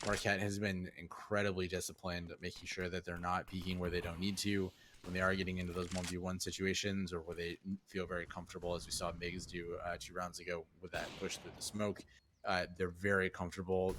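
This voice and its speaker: A man breaking down a live esports match as color commentator, his voice very low and flat, with little rise and fall. He talks in a measured way, leaning on filler uhs, over a clear background hiss.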